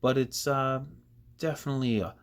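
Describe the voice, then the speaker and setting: A man's voice: mid-range voice, fairly even intonation, normal speed. A man hosting casual political commentary, sarcastic and rambling with frequent restarts.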